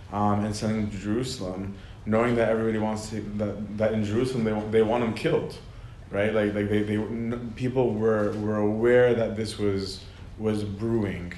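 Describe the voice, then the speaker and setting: A man's voice: on the low side, darkish tone. A man giving a casual lecture, talking conversationally with lots of fillers and frequent laughter. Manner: conversational, filler-heavy, often laughs mid-sentence. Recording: echoey room with faint ambient noise.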